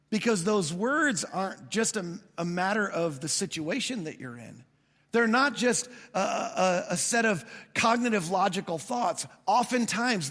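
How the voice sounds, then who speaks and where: High-voiced man preaching in a hall. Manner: conversational storytelling with animated quoted asides. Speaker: pastor. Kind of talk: sermon. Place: church auditorium.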